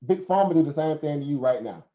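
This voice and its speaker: A Southern American man hosts a casual live stream, his warm, slightly high voice animated and quick. He takes a preachy, lecturing tone, asking rhetorical questions and laughing frequently. The recording sounds roomy and a bit dull.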